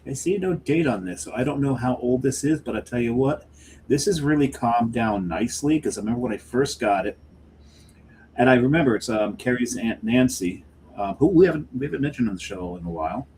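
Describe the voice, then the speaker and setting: A man's voice: medium pitch, expressive, brisk, a little mellow, a little hiss or hum. Easygoing male beer podcast co-host. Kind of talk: casual chat about craft beer.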